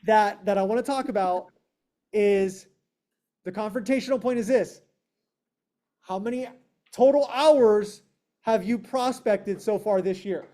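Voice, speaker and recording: A man's voice: sits high, unhurried, long pauses, mellow. A man leading a real estate sales meeting over a video call, emphatic and confrontational, firing questions at his team and acting out clients in quoted voices. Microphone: online meeting, speaking to a video call.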